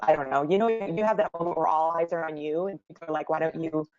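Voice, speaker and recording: Female guest, 30s, low voice, animated storyteller, muffled lo-fi audio. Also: over music. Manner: animated, quick storytelling with laughs. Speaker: guest entrepreneur. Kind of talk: interview storytelling. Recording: dull lo-fi sound.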